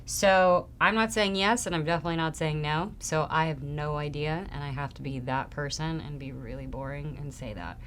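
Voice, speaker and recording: A young adult woman answering fan questions in a casual, chatty way, often trailing off softly. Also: sits low, normal speed, hardly any pauses, slight background noise. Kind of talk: casual Q&A chat.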